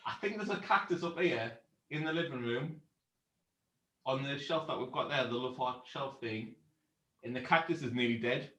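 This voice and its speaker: He talks at a moderate pace with medium pitch, the recording low in quality and roomy. As co-host of a laid-back beer review show, he's an animated storyteller who curses liberally and laughs a lot.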